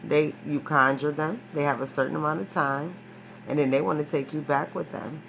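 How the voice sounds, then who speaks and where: A woman's voice: sits low, moderate pace, vocal fry, a little hiss or hum. A woman giving a casual, rambling tarot reading. She talks emphatically, restarts often, swears freely and keeps checking in with a questioning "right?". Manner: rambling and profane, ends phrases with a questioning "right?"; animated, emphatic storytelling with frequent restarts. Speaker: tarot reader.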